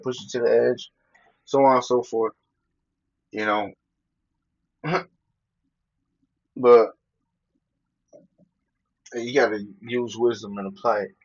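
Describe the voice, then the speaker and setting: A man's voice: mid-range voice, muffled recording. A man talking casually and profanely, telling personal stories and quoting scripture, laughing between his points.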